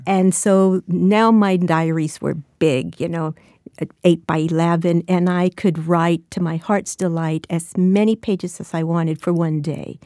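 A woman's voice: lowish voice, fairly even intonation, measured pace, dark tone, no room sound, studio quality. A woman in her sixties, an author being interviewed, who speaks reflectively with frequent restarts. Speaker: author and guest. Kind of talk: interview conversation and reading.

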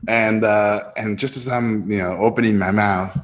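A man, a filmmaker guest telling an animated anecdote and jumping high in pitch when he quotes others. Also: normal speed. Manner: lively storyteller, jumps high when quoting others.

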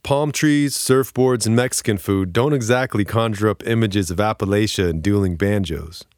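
A man announces a radio music segment from a script, speaking a bit low. His delivery is measured and polished, and the studio sound is dry and close. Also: a little mellow, dry recording.

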